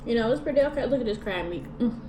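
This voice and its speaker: Woman eating on camera, talking slangy through her food, kinda high voice, echoey room, mic far off, noisy. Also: expressive, quick pace. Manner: slangy, talks with her mouth full between bites. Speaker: mukbang vlogger. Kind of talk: casual chat while eating. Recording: echoey room from a distance with background noise.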